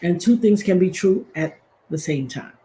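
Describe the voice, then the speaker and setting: A woman's voice: lowish voice, animated, moderate pace, mellow, poor audio. A woman hosting a livestream. She talks emphatically and preaches, with sassy asides. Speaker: commentary host. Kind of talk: animated livestream commentary.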